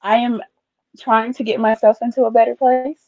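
A woman's voice: fairly high pitch, level tone, normal speed, dark tone, no echo, lo-fi sound. A woman co-hosting a casual podcast chat, chatty and playful, laughing often. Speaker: podcast co-host.

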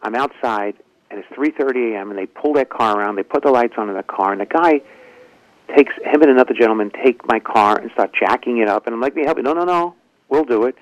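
A man with a voice of medium pitch recounts a long anecdote in an interview, slipping into the voices of people he quotes. The sound is muffled and dry, with no room around it. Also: fast talker, no echo. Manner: lively anecdotal telling, acts out quoted dialogue. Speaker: guest ventriloquist and comedian. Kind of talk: animated storytelling in an interview.

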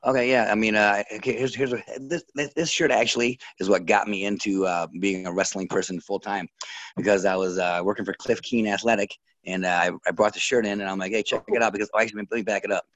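Casting note: lively man, coach type, lower voice, rapid delivery, dry close sound. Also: dry recording, dull audio. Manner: energetic, animated, laughs often. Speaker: wrestling coach. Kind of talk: casual interview storytelling.

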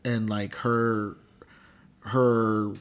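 A man's voice: lowish voice, little pitch movement, very slow, clear, resonant tone. Laid-back young man, joking podcast chat. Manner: laid-back, joking, laughs while talking. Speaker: podcast co-host. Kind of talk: casual chat.

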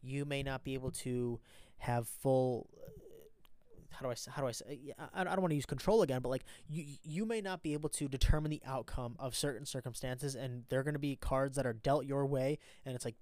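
Stranded at an airport after his flight was cancelled, a man gives a motivational mindset talk for his casual vlog. His medium-pitched, darkish voice moves fairly quickly, and he rambles earnestly, often ending points with "right?" The audio has no echo.

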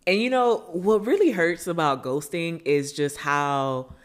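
A woman's voice: fairly low pitch, measured pace. A woman co-hosting a podcast, laid-back and chatty, laughing easily. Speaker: podcast co-host. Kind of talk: casual chat.

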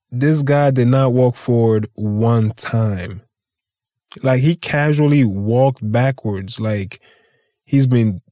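A man's voice: medium pitch, a little mellow, no echo, clean studio sound. A man hosting a podcast, telling stories in a loose, rambling way, swearing freely and laughing often. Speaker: podcast host. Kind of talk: casual storytelling chat.

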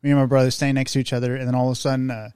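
A man's voice: medium pitch, level tone, very fast, darkish tone, clear, resonant tone, no room sound, clean studio sound. A young man co-hosting a podcast, telling a rambling, profane story in casual chat and searching for names. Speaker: podcast co-host.

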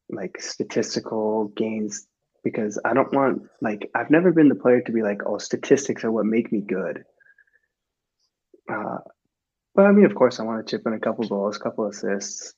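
A man's voice: on the low side, darkish tone, husky, lo-fi sound. A young American man, a soccer player guest, chatting casually and laughing often. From United States. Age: young adult. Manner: laid-back, laughs often, loose filler-heavy talk. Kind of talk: casual interview chat.

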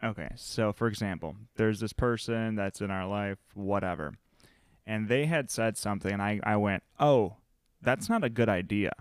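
A man co-hosting a podcast in casual chat, talking loudly and bluntly, with a matter-of-fact way of speaking. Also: on the low side, normal speed, clean tone, no room sound, studio quality. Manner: loud, animated, matter-of-fact. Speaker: podcast co-host.

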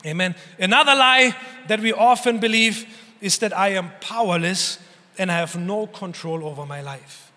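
A pastor, a man with a high, bright voice, preaching with earnest emphasis and repeated phrases. He voices prayers as he speaks. His sermon rings out with a long reverb in a church hall. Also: moderate pace.

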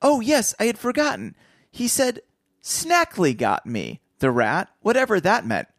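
A man's voice: sits high, huge pitch swings, unhurried, a bit bright, no room sound, studio quality, pitched above the performer's own voice, heavily acted. A man voicing an eager teenage boy sleuth in a book read aloud, with a raised, keen delivery.

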